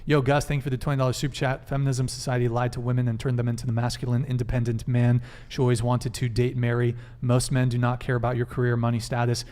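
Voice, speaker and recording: A man's voice: medium pitch, monotone, warm tone. Man hosting a live dating talk show. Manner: brisk, reads donor messages aloud and jokes. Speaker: podcast host. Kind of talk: live-stream dating panel, reading super chats aloud.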